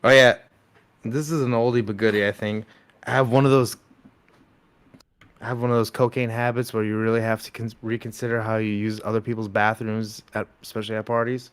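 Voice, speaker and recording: Brief: excitable male comedian, smooth clear voice, casual banter. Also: on the low side, brisk. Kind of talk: casual comedy podcast chat.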